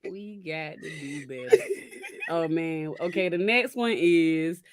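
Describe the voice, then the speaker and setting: A woman's voice: deep voice, slow pace. A woman, co-hosting a podcast in casual chat, telling stories and acting out quotes with laughter. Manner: animated storyteller, acts out quotes with laughter. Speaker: podcast co-host.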